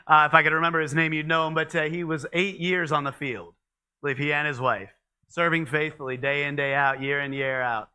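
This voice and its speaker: Bright, clear-voiced man preaching casually. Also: a little high. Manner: conversational, with frequent fillers and restarts. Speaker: pastor. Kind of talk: midweek church teaching. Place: church.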